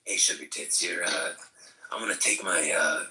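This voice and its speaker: A man putting on a crude, leering adult guy, talking haltingly with pauses. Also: sits low, pushed and bright, echoey room, distant mic, slight background noise, pitched below the performer's own voice.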